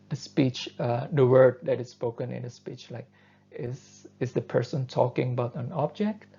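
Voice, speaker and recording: A man who is not a native English speaker, giving a university lecture and explaining step by step, often pausing on fillers. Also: medium pitch, creaky, husky. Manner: thoughtful, steady explaining with frequent fillers. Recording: dull lo-fi lecture recording.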